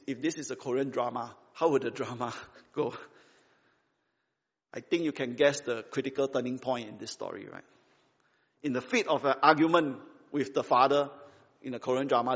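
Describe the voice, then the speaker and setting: Preacher in a reverberant hall, emphatic. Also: male voice, medium pitch, moderate pace. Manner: emphatic, repetitive, rhetorical questions; conversational, tag questions and local fillers. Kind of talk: sermon. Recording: dull sound with long hall reverb.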